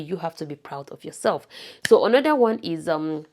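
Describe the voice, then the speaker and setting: A Nigerian woman with a Nigerian accent vlogs casually to camera in a low-sitting, expressive voice at normal speed. She's emphatic, repeating words to drive her points home.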